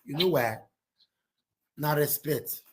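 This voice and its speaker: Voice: medium pitch, slow pace, slight background noise. A host with a Nigerian Pidgin accent running a live call-in chat, often cutting in with short replies.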